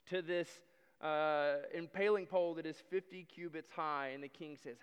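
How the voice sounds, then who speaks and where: A man preaching a sermon, retelling a story with dramatic swings between loud declarations and hushed asides. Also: sits high, a little slow, smooth. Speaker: pastor. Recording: long hall reverb.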